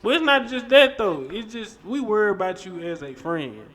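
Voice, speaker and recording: A man hosting a podcast, talking in an animated, emphatic way and swearing freely. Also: sits high, moderate pace. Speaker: podcast host. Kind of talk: casual chat.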